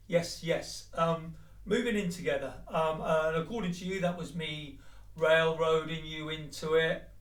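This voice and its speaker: Far from the mic in an echoey space, a vlogger with a high voice lets loose an angry, foul-mouthed personal rant, talking directly to his ex.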